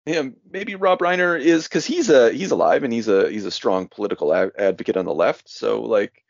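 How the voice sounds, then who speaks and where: A man's voice: medium pitch, lively intonation, brisk, creaky, dry recording. A man co-hosting a podcast in casual chat, rambling and hedging with a wry edge, recorded dull and dry. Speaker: podcast co-host.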